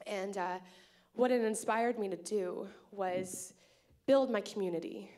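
Onstage before a live crowd, a Canadian festival organizer emcees her tap show, sharing stories and thanking people warmly. She speaks a little slowly in a mellow, medium-pitched voice, her talk scattered with "um" and "uh."

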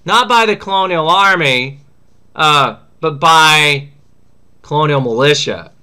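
A man's voice: on the high side, slow, sharp tone, clear, resonant tone. A man teaching a history lesson in a casual, slangy way, acting out what historical figures say. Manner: chatty, slangy, acts out quotes.

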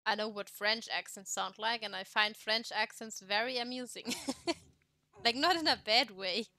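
A woman's voice: a little high, moderate pace, sharp tone. A woman with a German accent chatting casually while playing a game, swearing freely and poking fun at herself. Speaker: let's play streamer. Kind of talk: casual gameplay chat.

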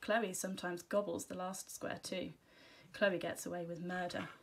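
A woman teacher reading a children's storybook aloud, giving gentle, expressive first-person narration. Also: fairly low pitch, normal speed, creaky, slightly rough.

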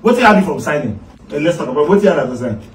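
A man with a Nigerian Pidgin English accent in a casual group chat, teasing and animated, laughing often. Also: fairly high pitch, fast. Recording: echoey room, distant mic, faint noise.

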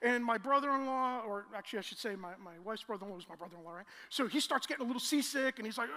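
Male preacher, storytelling sermon, pushes to loud emotional climaxes, bright tone. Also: very high voice, very animated, fast, few pauses. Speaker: pastor. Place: large church hall. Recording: long church hall reverb.

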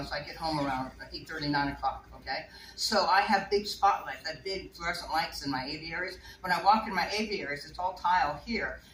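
Her medium-pitched, fairly bright voice carries a chatty, meandering talk on keeping birds, given casually to a small group with plenty of laughter. Faint noise and echo come through a distant mic.

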